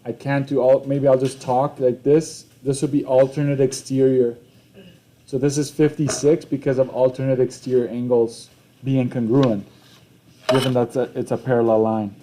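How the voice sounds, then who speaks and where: A man's voice: mid-range voice, level tone, moderate pace, mellow, slight background noise. A young man teaching a geometry class, talking it through conversationally and checking in with the students again and again. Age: young adult. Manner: conversational, repeats himself, frequent "okay?" check-ins. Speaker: math teacher. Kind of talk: classroom lesson walkthrough.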